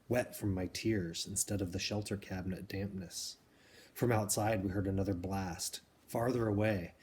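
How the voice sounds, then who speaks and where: A man with a fairly low voice reads a novel aloud, steady and measured, now and then stepping out to explain things plainly. A faint background noise sits under his voice. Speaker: reader.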